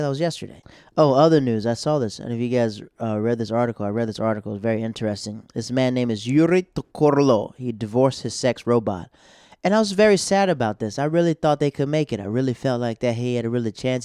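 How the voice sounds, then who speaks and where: A man's voice: medium pitch, a little mellow, no room sound, studio quality. A man in his thirties, a stand-up comedian, telling stories in a loose, slangy, rambling way with many fillers. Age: 30s. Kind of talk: casual storytelling monologue.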